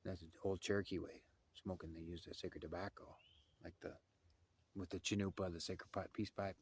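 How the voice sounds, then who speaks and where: A man's voice: deep voice, level tone, moderate pace, a little hiss or hum. Man telling a rambling spiritual story. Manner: rambling, repeats phrases, chants a murmured prayer. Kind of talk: personal spiritual story told casually.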